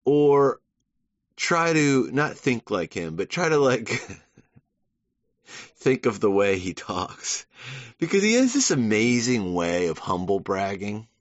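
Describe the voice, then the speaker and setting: A man's voice: on the low side, sing-song, takes it slowly, pauses often, no echo. A man hosting a solo podcast, playful, laughing at his own jokes and talking straight to listeners. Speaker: podcast host. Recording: dull lo-fi.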